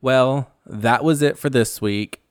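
A man hosts a casual recap show, blunt and sassy and quick to swear. His voice sits at an ordinary middle pitch. It is recorded close and dry, with no room sound around it. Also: clear, resonant tone, no echo. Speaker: podcast host.

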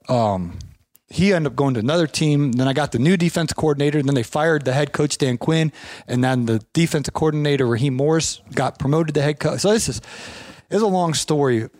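A man's voice: medium pitch, no echo. Chatty man telling stories. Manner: rambling, animated anecdotes with restarts. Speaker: lawn care business owner. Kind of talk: casual storytelling chat.

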